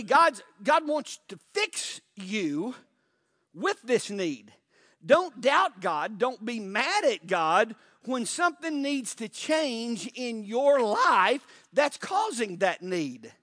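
High-voiced preaching man, dry sound. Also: pushed and bright, dry recording. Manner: preachy, asks the congregation pointed questions; pauses for emphasis. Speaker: pastor. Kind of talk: sermon.

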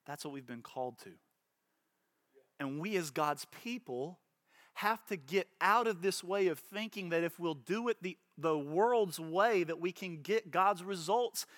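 Bright, impassioned male pastor preaching. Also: a little high, no room sound. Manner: impassioned, acts out voices, repeats words. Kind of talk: sermon.

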